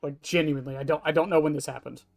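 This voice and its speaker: A live streamer talks through a horror game match in a loose, offhand way, swearing freely and answering chat as it goes. The voice sits at an ordinary middle pitch. Faint music plays underneath. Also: steady tone, very fast, vocal fry. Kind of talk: casual live-stream gameplay commentary.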